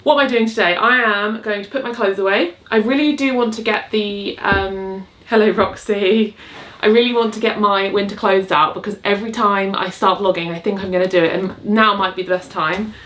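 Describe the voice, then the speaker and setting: A young woman talks to the camera at home in a relaxed vlog. She rambles cheerfully through her thoughts, full of fillers and asides, at a medium pitch. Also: moderate pace. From England. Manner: chatty, upbeat, rambling with frequent fillers and laughs. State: out of breath. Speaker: vlogger. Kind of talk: casual chat. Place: home, cottage.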